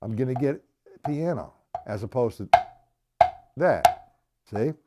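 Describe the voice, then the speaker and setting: Animated man teaching drums on a stream. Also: medium pitch, a little slow, pauses often, very noisy. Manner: animated, conversational, repeats points, checks in with viewers. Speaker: drum teacher. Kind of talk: live-streamed drum lesson. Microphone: live stream camera mic.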